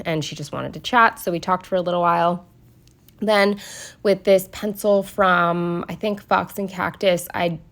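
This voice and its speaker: Casual vlogger, young woman, stuffy nose, slight lisp, a bit low-pitched, rambling and candid. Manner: rambling and candid, lots of fillers and asides. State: congested. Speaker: planner vlogger. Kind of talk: casual chatty voice-over.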